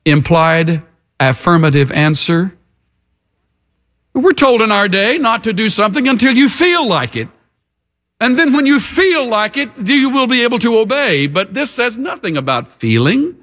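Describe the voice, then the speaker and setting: A man preaching a sermon as a pastor, emphatic and with dramatic pauses. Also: sits high, very animated, a bit bright.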